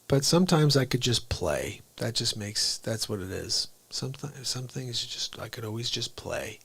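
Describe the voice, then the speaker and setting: A man's voice: medium pitch, lively intonation, gravelly, fairly bright tone, slightly rough. A man hosting a live comedy stream, chatting casually and rambling between impressions, often trailing off into mumbles. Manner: rambling, quick asides, drops to mumbles. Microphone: streaming microphone.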